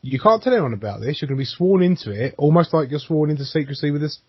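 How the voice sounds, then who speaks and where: A man's voice: fairly high pitch, expressive, quick pace, breathy edge, no room sound. A man co-hosting a podcast, chatting casually, laughing often, swearing, and acting out quoted voices. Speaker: podcast co-host. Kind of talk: casual chat. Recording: dry, muffled lo-fi sound.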